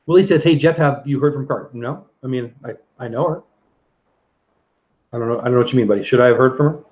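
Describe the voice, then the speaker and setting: A man's voice: medium pitch, quick pace, a little mellow. A middle-aged man hosting a casual livestream, chatting and reading viewer comments aloud with easy laughs. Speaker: livestream host reading chat. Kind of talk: casual live chat. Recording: dull lo-fi stream audio.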